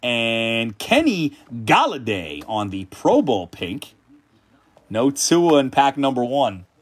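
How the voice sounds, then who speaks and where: A man with a medium-pitched voice speaks slowly while hosting a trading card break livestream. He calls out player names in casual commentary and gets excitable over big pulls, even shouting, though he's tired and hungry late in the long stream.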